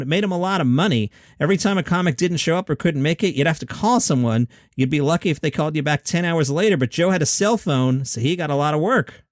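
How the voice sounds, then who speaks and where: A man's voice: on the high side, no echo. A middle-aged man hosting a comedy news podcast from a home basement studio, reading headlines and riffing on them with wry asides and mock outrage. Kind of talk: solo comedy news commentary.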